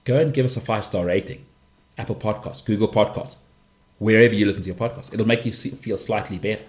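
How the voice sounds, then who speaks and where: A man's voice: lowish voice, fast. A man hosting a casual solo podcast, talking in a chatty, rambling way and acting out imagined people. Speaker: podcast host.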